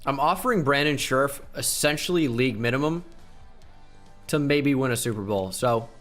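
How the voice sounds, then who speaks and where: Over faint, soft background music, a man with a mid-range voice comments casually on his own video game footage for his gaming channel. He fires off numbers fast, tosses in jokes, and grows excited as his team takes the lead.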